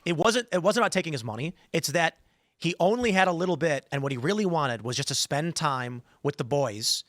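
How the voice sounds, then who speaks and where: A man hosting a podcast, telling stories in an animated way and acting out the voices in them. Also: a little high, a little fast, no room sound, clean studio sound. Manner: animated storyteller, acts out quoted voices. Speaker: podcast host. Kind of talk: casual talk-show chat.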